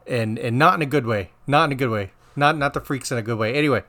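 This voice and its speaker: A man's voice: medium pitch, quick pace. Man telling a rambling nurse story. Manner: rambling, restarts, animated quoting of others. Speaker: podcast co-host, former nurse. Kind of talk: casual storytelling chat.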